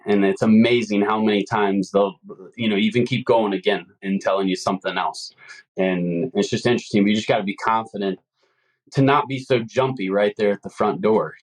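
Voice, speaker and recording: A man's voice: on the low side, poor audio. A man talking as a guest salesman in a casual interview, earnest and rambling with lots of fillers. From Ohio. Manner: earnest, rambling, many "you know" fillers. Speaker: home services salesman, guest.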